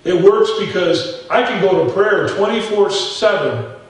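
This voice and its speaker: A man's voice: high-pitched, lively intonation, a little slow, heavy reverb, distant mic, rough recording. A man preaching a sermon as pastor, telling stories in a folksy way and talking straight to his folks in the pews. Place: church sanctuary.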